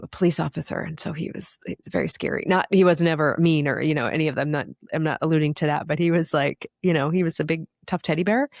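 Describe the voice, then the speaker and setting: A woman's voice: low-pitched, gravelly, no echo, studio quality. A middle-aged woman speaking as a podcast guest, earnest and reflective, talking candidly with plenty of fillers. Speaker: podcast guest, recovery coach. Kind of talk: candid conversational interview.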